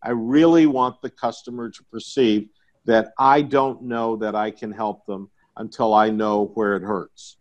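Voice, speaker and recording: A man's voice: on the low side, steady tone, unhurried, highs cut off. A middle-aged man in a podcast conversation, explaining his sales approach with folksy stories and jokes. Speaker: guest, IT sales consultant.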